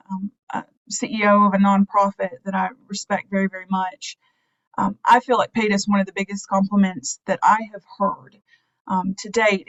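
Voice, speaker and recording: A woman guest in an interview, speaking in an earnest, measured way. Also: medium pitch, highs cut off. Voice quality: earnest, measured, with short affirmations. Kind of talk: conversational interview.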